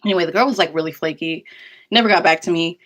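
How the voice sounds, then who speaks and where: A young woman with a somewhat low voice tells a story from her life in a loose, chatty way. She fills her sentences with "like" and breaks off into quick asides as she goes. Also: fairly bright tone. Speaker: vlogger. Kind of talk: casual storytelling.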